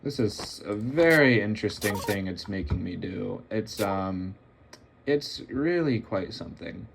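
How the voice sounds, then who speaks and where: A man's voice: on the low side, animated, unhurried, vocal fry, background noise. A young man giving casual, rambling and wry commentary while playing a computer game. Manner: rambling, wry and self-mocking. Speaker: gaming video host.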